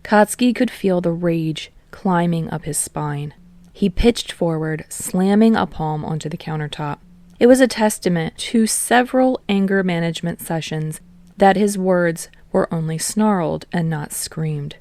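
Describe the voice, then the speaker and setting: A woman reading fan fiction aloud in steady storytelling narration. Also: on the low side, measured pace, dry recording. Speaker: podfic reader.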